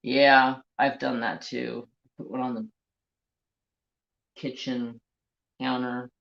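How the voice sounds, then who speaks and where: A man's voice: medium pitch, flat delivery, takes it slowly, gravelly, fairly bright tone, dull audio. A man hosting a casual crafting livestream, telling salty, rambling stories and greeting viewers in the chat. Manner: rambling, salty storytelling while reading live chat. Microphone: handheld phone.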